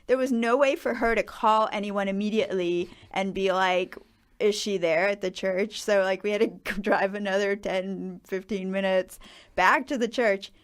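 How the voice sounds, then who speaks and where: Middle-aged woman host; rambling, laughing storyteller, relaxed chat. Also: medium pitch, normal speed, clear, resonant tone. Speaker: podcast host. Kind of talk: casual chat.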